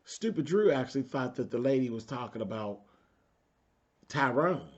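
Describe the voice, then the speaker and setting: A sassy man, recapping reality TV and talking straight to his viewers. His voice sits at a middle pitch, and the recording sounds slightly dull and lo-fi. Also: expressive, moderate pace. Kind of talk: casual TV recap commentary.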